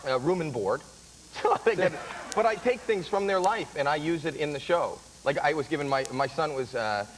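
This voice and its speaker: A man's voice: on the high side, expressive, normal speed, a little hiss or hum, poor audio. A man as a talk show guest, joking and rambling, laughing at his own jokes. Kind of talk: casual talk show chat.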